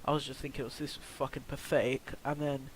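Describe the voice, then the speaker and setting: A man's voice: mid-range voice, little pitch movement, fast, a little hiss or hum, poor audio. A teenage boy tells a storytime vlog in a rambling way, full of fillers and swearing. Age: teens. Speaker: vlogger.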